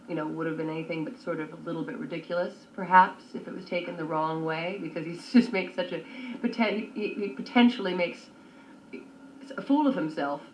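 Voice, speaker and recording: A woman talking about a colleague in an interview, in a measured, earnest way. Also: on the low side, slight background noise. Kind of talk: casual interview talk. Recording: roomy room recording.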